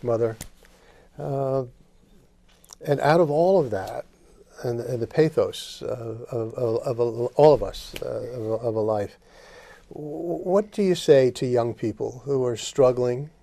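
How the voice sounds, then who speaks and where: A man's voice: mid-range voice, creaky, dark tone, dry recording. A man hosting a studio interview, asking earnest, searching questions while stumbling over his words. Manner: earnest, halting, many restarts. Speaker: talk show host.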